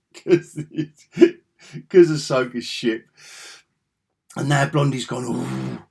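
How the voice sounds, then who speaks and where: A man's voice: medium pitch, takes it slowly, darkish tone, slightly rough. A man giving a rambling, sarcastic spoken review, chuckling often as he retells scenes.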